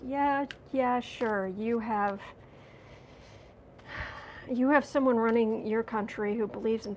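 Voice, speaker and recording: A woman's voice: fairly high pitch, darkish tone, a little hiss or hum. A woman hosting a livestream as a tarot reader, chatting casually and sarcastically while reading out viewer comments.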